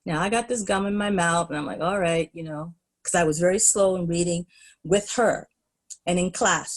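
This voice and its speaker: A middle-aged woman, a podcast guest, telling school stories in an animated, laughing way. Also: mid-range voice. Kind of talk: storytelling in a podcast interview.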